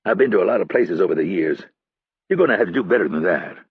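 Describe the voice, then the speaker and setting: A man's voice: sits low, expressive, fast, breathy edge, no echo, phone-quality sound, full character voice. A man voicing a suave, confident male spy with a French accent. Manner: easy, suave.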